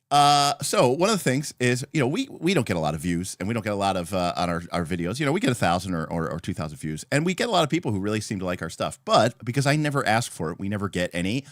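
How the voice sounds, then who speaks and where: A man's voice: fairly low pitch, dry recording, studio quality. Chatty man hosting a livestream. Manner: chatty and rambling, greeting viewers by name. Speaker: livestream host. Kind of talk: casual livestream chat, answering viewers.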